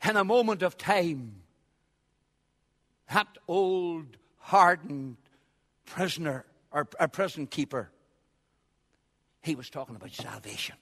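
A man preaching a sermon, swinging from quiet asides to loud, shouted passages. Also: on the high side, lively intonation, slow, pauses often. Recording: long hall reverb.

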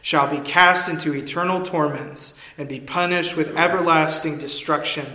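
A man preaching a sermon in a measured, earnest way, now and then restarting a phrase. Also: on the high side, steady tone, pushed and bright. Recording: echoey, slightly dull room sound.

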